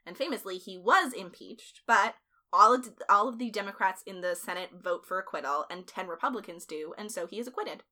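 Woman, podcast host, bright tone, chatty, blunt, filler-heavy storytelling. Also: mid-range voice, fairly quick. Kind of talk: casual storytelling chat.

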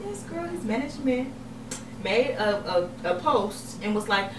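A woman co-hosting a podcast in casual chat, talking in an animated, slangy way and laughing often. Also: on the high side, unhurried, echoey room, distant mic, noisy background. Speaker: podcast co-host.

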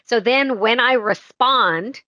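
A woman's voice: a little high, slow pace, bright, forceful tone, dry recording, highs cut off. A woman guest speaking candidly and reflecting on her own habits. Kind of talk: interview.

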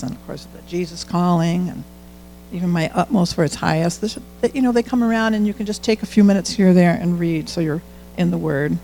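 A middle-aged man speaks to a congregation in a loose, confiding way, stepping into his own remembered prayers as he goes. His voice sits high for a man and catches often into a gravelly creak. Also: a little mellow, slight background noise, low-quality recording. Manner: conversational, candid, quotes own prayers aloud. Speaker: church speaker sharing testimony. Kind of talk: informal sermon testimony.

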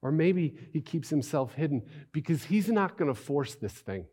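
A man's voice: on the high side, very animated, normal speed, dark tone, slightly rough. A man preaching a sermon as a pastor, in a conversational way with many rhetorical questions and repeated phrases.

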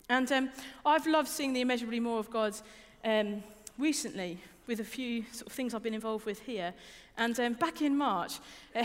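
A young adult woman giving a conversational sermon, informal and personal, often repeating words and asking the listeners questions. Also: fairly high pitch. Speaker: preacher. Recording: reverberant hall.

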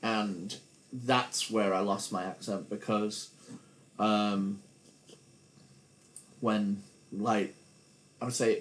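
A man from northwest England with a transatlantic accent, mixing English and American, chatting as a podcast guest and telling stories with halting restarts. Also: fairly low pitch, fairly even intonation, low-quality recording. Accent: transatlantic, English mixed with American. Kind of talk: casual chat.

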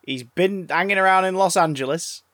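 A man's voice: sits high, moderate pace, a bit bright, no room sound, studio quality. A man in casual chat, reacting with sarcastic disbelief and frequent swearing. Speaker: podcast co-host.

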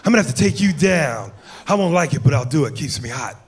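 A gruff, intense police detective, as a comedian puts him on, speaking slowly and deliberately with a menacing, brooding edge. The voice sits somewhat high for a man. It comes from a played clip. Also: expressive. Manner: slow, deliberate, brooding delivery. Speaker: comedian doing impressions.

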